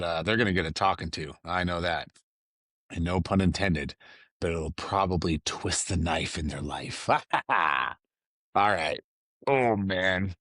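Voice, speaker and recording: A man hosts a solo podcast in a casual, rambling chat. His voice sits somewhat low and sounds dry and close to the mic. He drifts between asides in an easy, unhurried way. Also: fairly bright tone, no echo. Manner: rambling, loose and conversational with fillers and asides. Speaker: podcast host.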